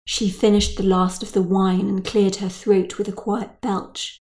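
A woman narrating a written story in a measured, dry manner. Her voice sits at a middle pitch and keeps a steady reading pace.

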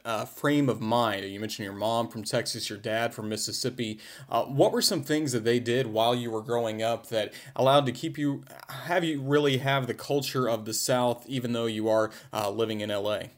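A man hosting an interview, asking relaxed questions with some hesitant fillers. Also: medium pitch, moderate pace, hardly any pauses. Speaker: podcast host.

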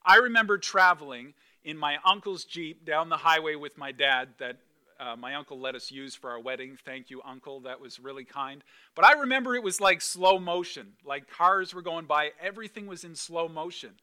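A male pastor preaching a conversational sermon, animated and emphatic, with repeated phrases. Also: a little high, moderate pace, clean tone.

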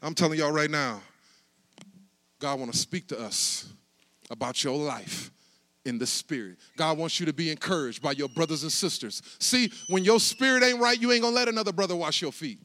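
A man preaching a sermon as pastor, shifting from quiet, casual asides to loud, rising shouts. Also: a little high, moderate pace.

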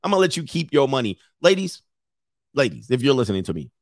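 A man's voice: medium pitch, sing-song, quick pace, no room sound, studio quality. A man giving blunt, opinionated commentary, lecturing his listeners and repeating phrases for emphasis. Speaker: commentator host.

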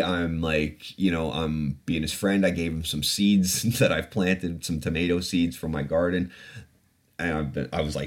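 A man hosting a podcast, telling a personal story in a candid, profane, reflective way. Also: sits low. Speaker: podcast host. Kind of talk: casual storytelling.

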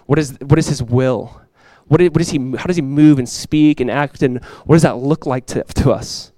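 A male pastor in his thirties preaching a conversational, animated sermon with quick asides. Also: mid-range voice, no echo.

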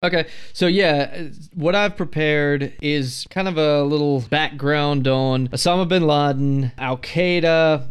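Smooth-voiced man on a podcast. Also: mid-range voice. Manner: relaxed, reads from prepared notes. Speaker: podcast co-host. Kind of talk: casual podcast discussion.

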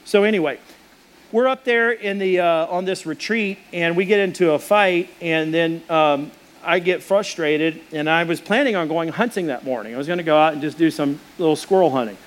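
A man with a fairly high voice preaches, weaving a personal story into his sermon. He tells it in an animated way and pokes fun at himself. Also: moderate pace. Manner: animated, self-deprecating storyteller. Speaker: pastor.

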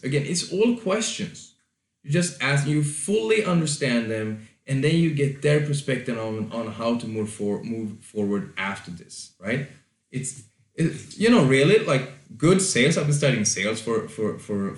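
A man's voice: medium pitch, big pitch swings, normal speed, roomy sound. A man talking loosely as a podcast host, giving advice with fillers, restarts and the odd swear word. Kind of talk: casual advice monologue.

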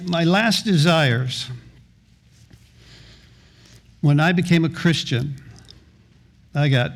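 A middle-aged man preaches to his congregation in an earnest, personal way. His voice sits a touch higher than most men's, and he often trips over words and starts phrases again. Now and then he slips into softly half-singing an old hymn. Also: vocal fry. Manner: earnest, repeats words and restarts phrases, sometimes half-sings hymn lines. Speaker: pastor. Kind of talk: sermon.

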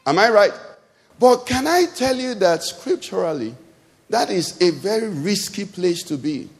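A man's voice: high-pitched, sing-song, measured pace. A man with a Nigerian English accent preaching a sermon as pastor. He talks conversationally and keeps asking the congregation questions. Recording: long hall reverb.

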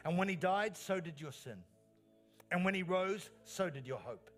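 Earnest male pastor preaching over soft music. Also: high-pitched, animated, normal speed. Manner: earnest preaching with rising emphatic phrases and repeated lines. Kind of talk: sermon. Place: church.

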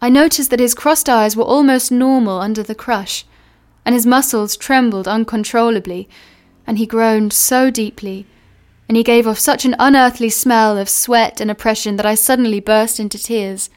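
Woman narrator, audiobook reading, measured and unhurried, smooth clear tone, slightly high voice. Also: steady tone. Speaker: reader.

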